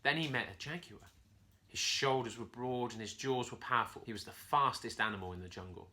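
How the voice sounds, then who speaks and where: A man's voice: medium pitch, a little fast, sharp tone. A man from a church, reading a bedtime story expressively to children.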